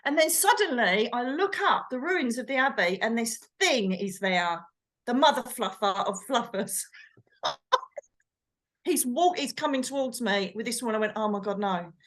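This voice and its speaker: Animated woman telling a story. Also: fairly high pitch, moderate pace. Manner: animated, acts out quotes, exclaims. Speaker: co-host, medium. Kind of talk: storytelling chat.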